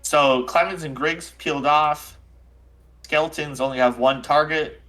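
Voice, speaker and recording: Bright-voiced male game master. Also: a little high, fairly even intonation, unhurried, rough recording. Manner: casual, fillers, counting out dice rolls. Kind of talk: narrating a tabletop game.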